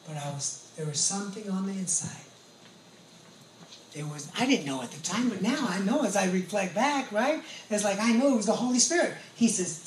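A man's voice: sits high, sing-song, moderate pace. A man casually telling his own life story, animating the voices of others in it. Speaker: guest sharing his testimony. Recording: echoey room, mic at a distance, faint background noise.

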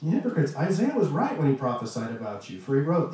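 Male pastor, mellow voice, earnest conversational sermon, recorded from afar in a roomy hall. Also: mid-range voice, big pitch swings. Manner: earnest, conversational preaching with pauses and restarts. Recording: echoey room, distant mic, faint noise.

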